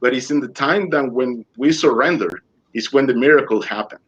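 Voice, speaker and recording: A man's voice: mid-range voice, brisk, a bit bright, husky, highs cut off. A man being interviewed over a video call, telling his story vividly and acting out what he said, in loose non-native English. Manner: vivid storyteller who acts out his own quoted lines. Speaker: interview guest.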